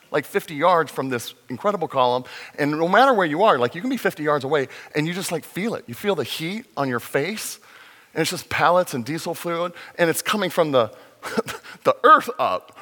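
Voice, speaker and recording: A man preaching a sermon in a conversational way, slowing to stress points, with fillers and restarts. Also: fairly high pitch, pushed and bright. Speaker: pastor. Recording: long reverb in a large hall.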